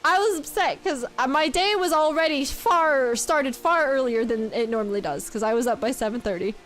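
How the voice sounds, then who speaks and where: High-voiced giggly woman streamer. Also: moderate pace, a bit bright. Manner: chatty, giggly, reads chat aloud. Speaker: game streamer. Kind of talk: casual livestream chat.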